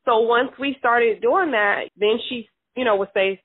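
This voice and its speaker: A woman's voice: fairly high pitch, unhurried, slightly rough, no room sound. Chatty mother on a tinny phone line. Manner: loose and chatty, full of fillers and restarts. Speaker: interviewed mother. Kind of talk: casual chat.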